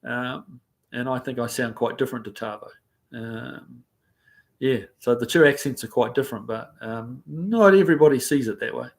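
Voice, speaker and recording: His mid-range voice is creaky and moves at normal speed. A New Zealander living in the States, he hosts a laid-back livestream, rambling through viewer comments aloud with lots of ums and uhs.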